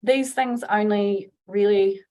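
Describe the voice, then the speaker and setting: A woman's voice: mid-range voice, fairly even intonation, takes it slowly, mellow. A woman giving a webinar talk as a workplace trainer, chatty and informal, acting out example phrases. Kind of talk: webinar presentation.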